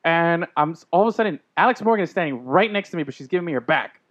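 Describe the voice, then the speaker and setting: Male podcast host, quick storyteller, lo-fi sound. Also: on the high side. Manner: animated storyteller, acts out quotes. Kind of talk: casual chat.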